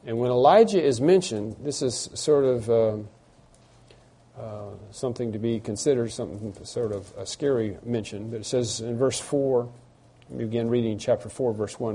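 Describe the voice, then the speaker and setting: A man's voice: mid-range voice, moderate pace, warm tone, husky. A man preaching an expository sermon, reading scripture aloud and explaining it with earnest emphasis and frequent restarts. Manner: hesitant restarts and asides. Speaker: pastor.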